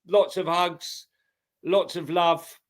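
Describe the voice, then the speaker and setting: Rambling middle-aged football fan. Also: male voice, fairly high pitch, fairly even intonation, slow. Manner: storytelling, lots of fillers. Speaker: podcast co-host. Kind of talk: casual football chat.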